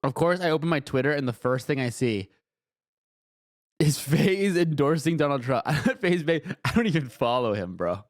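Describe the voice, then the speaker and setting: A man's voice: fairly high pitch, animated, normal speed, dry recording, studio quality. A man streaming, reacting to videos with wry, profane asides while browsing. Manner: wry, swearing, talks to himself while browsing.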